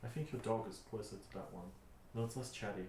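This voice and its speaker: A man's voice: lowish voice, quick pace, darkish tone, a little hiss or hum. A man playing a tabletop game, making dry jokes in casual chat. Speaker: player. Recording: echoey room.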